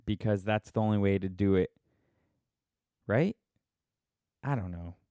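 Man ranting sarcastically, smooth and dry. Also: fairly low pitch, measured pace, dark tone, no echo. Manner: sarcastic, rambling, self-mocking. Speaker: vlogger. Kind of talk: casual opinion rant.

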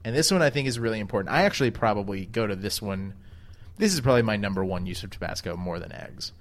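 A man's voice: fairly low pitch, expressive, fast talker. A man co-hosting a casual chat, rambling and hedging with many fillers and restarts. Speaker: podcast co-host.

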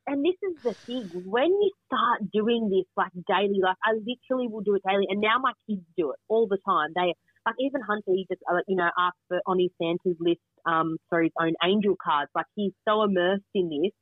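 A woman's voice: mid-range voice, a little fast, husky, no echo. A middle-aged woman as a guest, chatting earnestly and eagerly over a remote call. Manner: earnest, enthusiastic storyteller. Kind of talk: casual chat. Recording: tinny phone-line sound.

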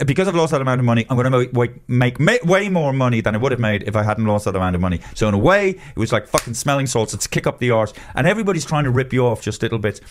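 An older man holds forth on a casual comedy podcast. He rants freely, swearing often and slipping into mock voices. His pitch sits in the middle range. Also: slight background noise. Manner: sweary, ranting, puts on voices. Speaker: podcast host.

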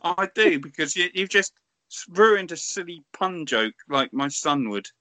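A man's voice: a little high, expressive, a little slow, sharp tone, no echo. A man, chatting on a podcast in a dry, mock-indignant way. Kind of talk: casual chat.

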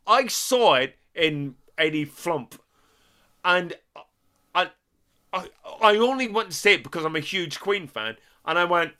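A man's voice: high-pitched, lively intonation, measured pace, sharp tone. A middle-aged Scottish man co-hosting a casual chat, ranting animatedly and swearing freely.

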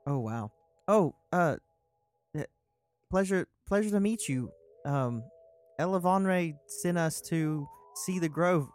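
Male player, a bit higher voice, stumbles through his lines. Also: lively intonation, slow, long pauses, darkish tone, faint music behind. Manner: hesitant, stammering, lots of fillers. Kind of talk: tabletop game play, in and out of character.

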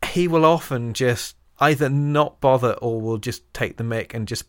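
A man's voice: medium pitch, moderate pace, no echo, studio quality. A man co-hosting a casual chat, talking at length with fond enthusiasm. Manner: talkative, fond enthusiast, runs on. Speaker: podcast co-host.

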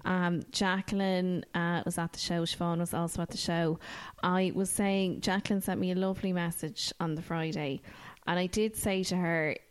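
An Irish woman in her thirties, co-hosting a casual chat podcast and telling chatty stories with squeaky impressions of people. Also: fairly even intonation, normal speed, clean tone. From Ireland. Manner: chatty storyteller, squeaky mimicking of others. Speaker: podcast co-host.

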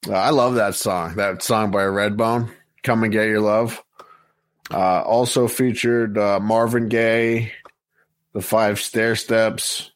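A man's voice: lowish voice, slow, dry recording. A man hosting a podcast, reading out song lists with frequent fillers in casual chat. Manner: steady, list-reading with many fillers. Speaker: podcast host.

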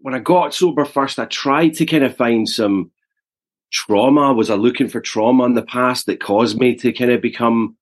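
A Scottish man in his forties with a soft Glasgow accent, telling his life story in a podcast conversation, earnest and halting as he restarts and repeats words. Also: medium pitch. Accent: Glaswegian Scottish. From Scotland. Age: 40s. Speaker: podcast guest.

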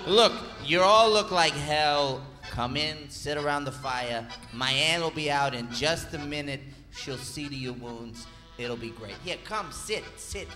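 A man's voice: on the high side, lively intonation, measured pace, sharp tone, long reverb tail, faint music behind. A man putting on a flamboyant village host with a thick accent. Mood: welcoming. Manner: thick put-on accent, theatrical, pushy hospitality.

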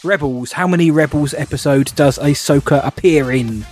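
Brief: male podcast co-host, slightly high voice, chatty banter over faint music. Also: moderate pace, darkish tone. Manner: chatty, laughs often, says mate a lot.

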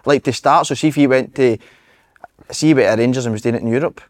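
A man's voice: mid-range voice, fast. A Scottish man co-hosting a casual football podcast, talking emphatically, swearing and repeating himself for stress. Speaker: podcast co-host.

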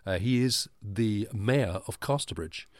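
A man's voice: on the low side, a little slow, no echo. A man co-hosting a book podcast in casual chat, often laughing and correcting himself. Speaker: podcast co-host.

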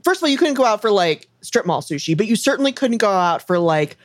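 A woman's voice: medium pitch, sing-song, quick pace, no echo, clean studio sound. A woman co-hosting a comedy podcast in casual chat, rambling with lots of "like" and laughing often. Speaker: podcast co-host.

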